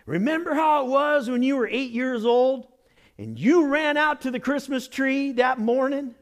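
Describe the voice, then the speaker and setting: A male pastor preaching a sermon with lively delivery, moving between loud exclamations and quiet, hushed asides. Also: very high voice, a little slow.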